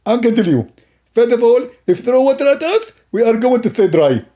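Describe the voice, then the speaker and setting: A man's voice: very high voice, sing-song, normal speed, dark tone, voice pushed up. A man voicing a boastful, dim-witted male caller who eagerly agrees with everything. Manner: eager, overconfident, repeats "exactly".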